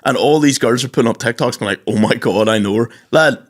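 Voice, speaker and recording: An Irish man in his twenties or so, chatting casually as a podcast co-host. He tells stories with real energy and keeps breaking into playful high voices to quote people, and his voice sits at a middling pitch. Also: quick pace. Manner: animated storyteller, does high mock voices when quoting. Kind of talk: casual chat.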